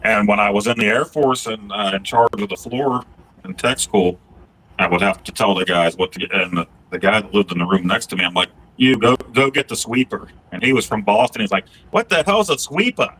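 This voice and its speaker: Bright-toned man. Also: lowish voice, brisk, low-quality recording. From Pittsburgh area, Pennsylvania. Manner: easygoing anecdote teller. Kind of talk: casual livestream chat.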